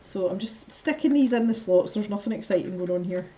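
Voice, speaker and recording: A woman's voice: mid-range voice, animated, brisk, mellow. A woman hosting a casual live stream, chatting to her viewers as she builds, laughing often and muttering to herself. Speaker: livestream host.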